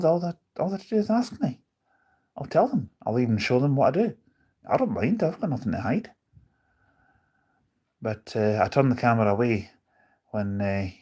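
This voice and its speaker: Husky-voiced man chatting on a live stream. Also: fairly low pitch, a little mellow. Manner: rambling, opinionated, reads out chat comments. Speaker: bus-route live streamer. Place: on board a bus or coach.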